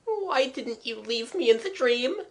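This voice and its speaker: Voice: high voice, expressive, a little slow, a bit bright, voice pushed up, exaggerated voice. A reader voicing a frightened young boy who sounds close to tears in a storybook. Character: frightened boy Jimmy, whiny and scared.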